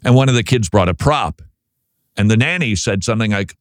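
A man's voice: on the low side, lively intonation, fairly quick, dry recording, studio quality. A man from Minnesota with a Minnesota accent, hosting a talk radio show in a rambling, joking way and searching aloud for words.

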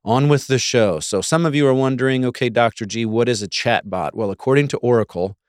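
A man's voice: medium pitch, fairly quick, no echo, clean studio sound. A man hosting a talk show in a casual monologue, with wry, sarcastic asides and mock voices for quotes. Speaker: podcast host.

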